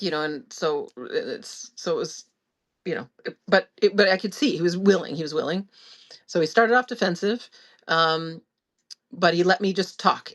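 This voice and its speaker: A woman with a fairly low-pitched voice speaks as the host of her own podcast. She tells a personal story candidly and with emotion, often breaking off and restarting her sentences as she goes. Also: fairly bright tone.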